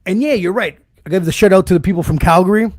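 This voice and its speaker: A man's voice: high voice, fast, a little mellow, no echo. A man co-hosting a casual podcast, telling a profane story and laughing often. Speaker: podcast co-host.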